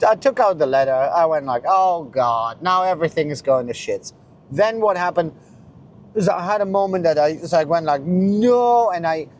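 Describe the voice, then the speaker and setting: A middle-aged man ranting in a blunt, profane monologue, swinging between loud outbursts and muttering. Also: on the high side. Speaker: vlogger.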